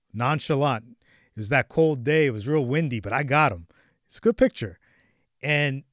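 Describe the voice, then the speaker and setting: Animated, storytelling podcast host man. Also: on the high side, no room sound, studio quality. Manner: animated, repeats and restarts words, swings between hushed and loud. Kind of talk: casual storytelling chat.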